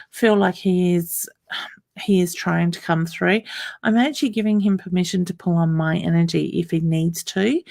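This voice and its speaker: Low raspy-edged lady doing live psychic readings, gentle, lots of honey and um, dry close sound. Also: dry recording. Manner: soft and reassuring, calls people honey and hun; hesitant, with many ums and restarts. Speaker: psychic medium.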